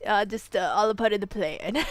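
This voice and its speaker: A woman streamer giving casual gaming commentary, excitable, swearing and bursting into yells. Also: medium pitch.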